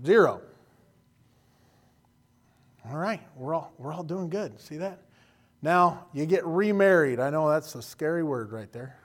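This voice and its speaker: A man's voice: a little high, lively intonation, a little slow, long pauses. A man preaching a sermon in a folksy, joking way, acting out quoted voices. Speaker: pastor.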